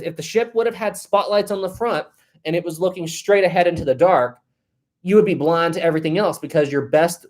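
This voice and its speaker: A chatty live-stream host in a relaxed, joking mood, reading out comments from the chat. They laugh easily and think aloud with lots of fillers. The voice sits at an ordinary middle pitch. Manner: chatty and jokey, laughs a lot.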